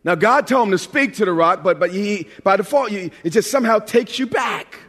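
High-voiced preacher in a reverberant hall. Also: male voice, brisk. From New York. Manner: lively, humorous preaching with repeated words. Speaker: pastor. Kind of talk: sermon. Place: large church sanctuary.

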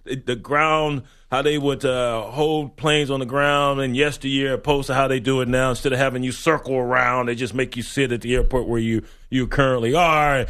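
A man co-hosting a sports radio show, joking and animated as he tells stories. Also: mid-range voice, smooth. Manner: animated, joking, quick to laugh. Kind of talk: casual sports radio chat.

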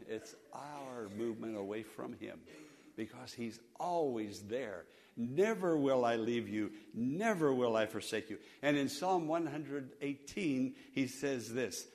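A middle-aged pastor preaching a sermon, repeating lines and leading the congregation in call-and-response, swinging from loud emphasis to soft, low passages. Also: male voice.

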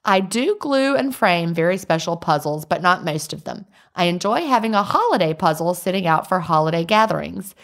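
A woman co-hosting a casual podcast, chatty and quick to laugh as she reads listener letters aloud. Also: lowish voice, animated. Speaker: podcast co-host.

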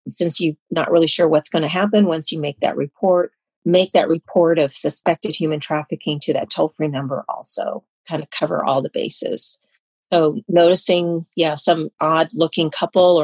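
A woman's voice: low-pitched, no echo, low-quality recording. A woman guest in an interview, explaining in an earnest, patient way and checking that she is understood. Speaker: anti-trafficking expert guest. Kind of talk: informative interview answers.

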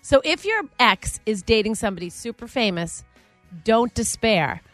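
A woman co-hosting a radio show in casual banter, chatty and animated, laughing often and acting out quotes. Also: fairly high pitch, normal speed, no echo, faint music behind.

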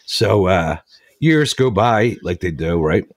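A man's voice: low-pitched, expressive, slow, no room sound, clean studio sound. A man hosting a talk show, telling a long sentimental story in an earnest, rambling way. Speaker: radio show host.

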